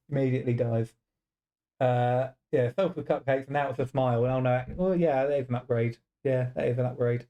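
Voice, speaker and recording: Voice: medium pitch, fairly even intonation, a little fast, warm tone, dull audio. A game streamer giving casual let's-play commentary, chatty and breaking into laughter often.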